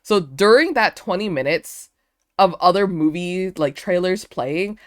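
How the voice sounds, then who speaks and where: A woman's voice: lowish voice, expressive, measured pace, dry recording, studio quality. A young woman streamer telling a casual story to her chat, chatty, with lots of fillers. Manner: chatty, many fillers, bursts of laughter.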